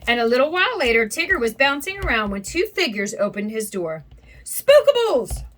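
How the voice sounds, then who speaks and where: A woman reading a children's storybook aloud in an expressive, animated way. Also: fairly high pitch, fairly quick, a little hiss or hum. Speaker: storybook reader. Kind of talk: children's read-aloud narration.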